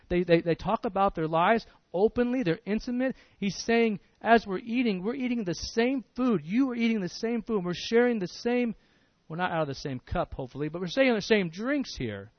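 A man's voice: sits high, a little fast, dry recording, muffled recording. A man preaching a sermon in an earnest, emphatic way, often repeating words as he restarts a phrase.

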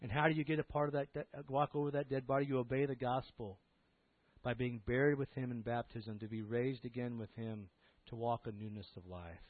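A man preaching a sermon, telling a story that swells to loud emphatic peaks and drops to soft low passages. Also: no room sound. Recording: tinny phone-like sound.

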